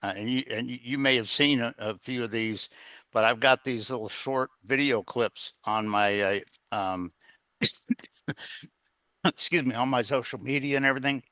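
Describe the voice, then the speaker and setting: A man's voice: medium pitch, measured pace, sharp tone, no echo. A middle-aged man telling a personal story as a guest in an interview, rambling, with plenty of fillers and restarts. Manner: earnest, plain-spoken. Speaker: guest, executive coach.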